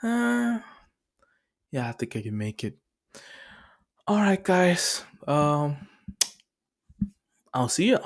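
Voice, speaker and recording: A man's voice: fairly high pitch, very animated, takes it slowly, vocal fry, long pauses, pitched above the performer's own voice, heavily acted. A smug, offhand teenage boy hero, voiced by a man retelling a cartoon, breezy and unbothered, barely bothering to change his voice. He sounds amused with himself. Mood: casual.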